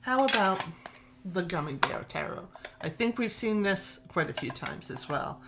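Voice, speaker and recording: A woman's voice: lowish voice, expressive, unhurried, gravelly, heavy background noise. A middle-aged woman with a New York accent, chatting casually in a vlog, gushing and laughing often. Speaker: tarot deck collector and reviewer.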